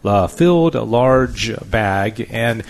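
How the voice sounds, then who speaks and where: A man's voice: lowish voice, expressive, very slow. A man hosting a live remote radio interview, chatty and easygoing. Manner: chatty, easygoing, with filler words. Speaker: radio host.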